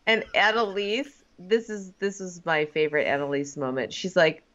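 A woman's voice: fairly low pitch, steady tone, moderate pace, a crowd in the background. A woman in casual chat who talks in a chatty way with plenty of fillers. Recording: dull lo-fi sound.

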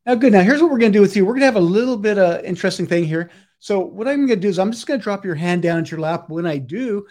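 High-voiced hypnotist man, coaxing and repetitive. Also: very fast, few pauses. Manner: repetitive, insistent suggestions, shifting between loud and hushed. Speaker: stage hypnotist. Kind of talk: live hypnosis demonstration.

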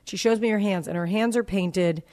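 A woman's voice: medium pitch, moderate pace, a little mellow. Chatty woman telling a family story. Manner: storytelling, acting out family dialogue. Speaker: podcast host. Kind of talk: casual chat.

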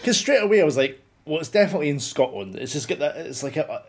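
A man's voice: fairly high pitch, very animated, fast talker. A man chatting casually about a film, rambling with many restarts and swearing freely. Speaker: film podcast co-host. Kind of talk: casual chat.

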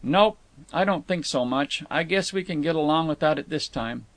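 A man's voice: fairly high pitch, moderate pace, no echo, close to an everyday voice. A man reading an audiobook, voicing a mild-mannered, plain-spoken young man who tries to placate a companion. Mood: cheerful. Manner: folksy, says "ain't", mild and placating.

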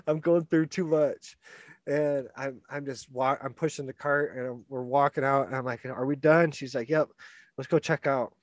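A man recounts a personal story in loose, rambling chat, often stumbling over his words and laughing along. His voice sits at an ordinary pitch. The sound is dry and close. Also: moderate pace, no room sound. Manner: rambling, animated, repeats words and restarts. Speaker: guest telling a story. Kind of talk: casual storytelling.

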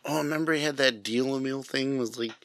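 A man's voice: medium pitch, a little fast, fairly bright tone, no room sound, studio quality. A middle-aged man with a New England accent, co-hosting a podcast in casual chat and laughing often. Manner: laughs often, jokey asides. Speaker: podcast co-host.

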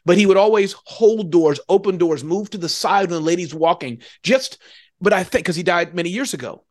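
A man as an interview guest, telling stories in an animated, emotional way. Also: high-pitched, brisk. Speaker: interview guest, keynote speaker. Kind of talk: casual interview conversation.

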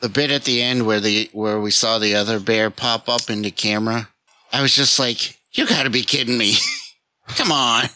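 A man's voice: on the low side, steady tone, normal speed, bright, forceful tone. A man chatting casually about a movie, easygoing and agreeable, with casual swearing. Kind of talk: casual movie review chat.

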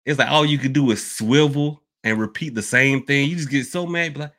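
A man's voice: medium pitch, moderate pace, few pauses, a bit bright. Rambling man hosting a podcast. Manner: rambling, repeats himself, addresses listeners as y'all. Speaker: podcast host and hoodoo worker. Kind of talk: casual open-topic podcast talk.

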